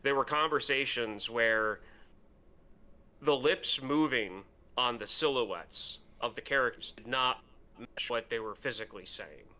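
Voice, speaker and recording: With a medium-pitched voice, a sharp tone, and an unhurried pace, a man co-hosts a movie podcast. He drifts through casual review talk full of fillers and laughs easily along the way.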